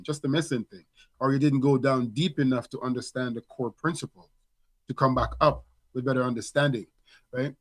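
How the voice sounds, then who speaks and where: A middle-aged man and father co-hosting a podcast, talking in a reflective, casual way with many restarts and fillers. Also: mid-range voice. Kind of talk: casual conversation.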